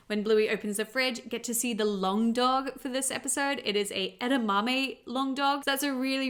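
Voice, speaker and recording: An Australian mom who reviews shows chats upbeat through a casual vlog breaking down a cartoon episode, laughing easily. Her voice is a little high and a bit bright.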